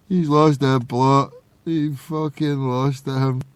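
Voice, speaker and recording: A man's voice: mid-range voice, clear, resonant tone, dry recording. A Glaswegian man hosting a call-in show, boisterous, laughing and swearing a lot. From Scotland. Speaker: show host. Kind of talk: crude casual call-in chat.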